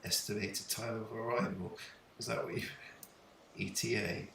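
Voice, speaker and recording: A low-voiced man with a gravelly edge, gasping out awed, emotional remarks on a live stream. He sounds set back from the mic, with a roomy echo and loud outdoor noise around him. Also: fairly even intonation, moderate pace, far from the mic. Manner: awed and emotional, breathless exclamations. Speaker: live streamer filming the sky.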